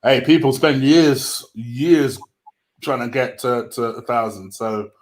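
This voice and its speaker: A man's voice: mid-range voice, slow. Man, co-host, reads donations, stumbles on names. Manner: stumbling over names, self-mocking. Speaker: livestream co-host. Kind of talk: casual chat, reading out donations.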